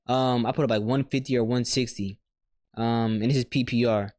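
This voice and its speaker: A man co-hosting a podcast in casual chat, ranting with loose, animated outrage and plenty of swearing. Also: mid-range voice, normal speed. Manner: animated, swears freely, rants with mock outrage. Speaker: podcast co-host.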